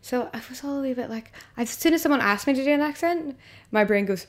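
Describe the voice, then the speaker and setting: A woman with a Northern Irish accent, guesting as a comedian on a podcast. Her voice sits somewhat high, and she tells stories in an animated, self-deprecating way. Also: quick pace. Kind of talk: casual chat.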